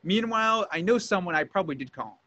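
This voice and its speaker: A man's voice: high-pitched, lively intonation, fast talker, lo-fi sound, a crowd in the background. A man hosting a podcast, telling a story in casual chat and acting out both sides of a call. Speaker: podcast host.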